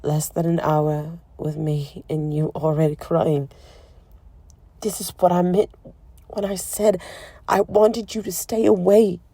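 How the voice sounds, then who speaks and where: A woman voicing a guarded, resigned young man, speaking quietly and low in an audiobook. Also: little pitch movement, slow pace, dry recording. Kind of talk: audiobook character voice.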